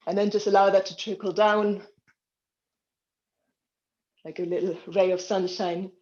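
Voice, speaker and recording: A woman's voice: mid-range voice, steady tone, measured pace, mellow, dull audio. A woman leading an online dance class over a video call, counting and cueing moves in an encouraging way, a little out of breath. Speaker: dance instructor.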